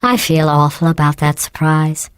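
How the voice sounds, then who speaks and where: A woman voicing a cold, sarcastic female AI computer in a video game, deadpan with a synthetic edge. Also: low-pitched, moderate pace, heavy background noise, close to an everyday voice. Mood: cold mocking. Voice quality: smooth, synthetic-edged, deadpan. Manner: dry mocking insults delivered calmly. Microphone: clean dry studio recording.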